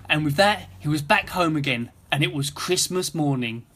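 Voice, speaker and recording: Male narrator, storybook reading, higher-pitched, lively. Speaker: video narrator and channel host.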